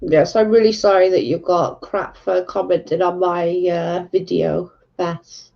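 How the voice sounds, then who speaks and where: A woman's voice: on the low side, steady tone, measured pace, gravelly. A woman chatting casually on a livestream, answering viewer comments in a blunt, candid, sweary way. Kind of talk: casual chat. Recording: dull lo-fi recording.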